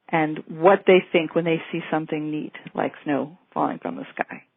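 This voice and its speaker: A woman physician giving a calm, explanatory medical lecture in a gently reassuring way. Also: sits low, normal speed, vocal fry, hardly any pauses, no echo. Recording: thin phone-like lecture audio.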